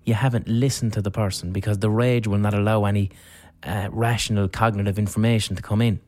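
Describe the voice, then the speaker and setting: A man's voice: on the low side, steady tone, quick pace, darkish tone, no room sound. A man hosting a podcast, talking frankly and casually with plenty of swearing. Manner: frank, profane, conversational. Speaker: podcast host. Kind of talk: reflective solo talk.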